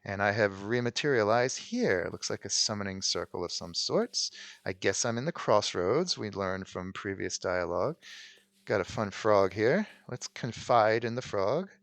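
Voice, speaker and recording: A man's voice: on the low side, animated, normal speed, creaky, fairly bright tone, dry recording. A man hosting a let's play, giving casual gameplay commentary in a rambling way with frequent ums. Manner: rambling, many ums and restarts.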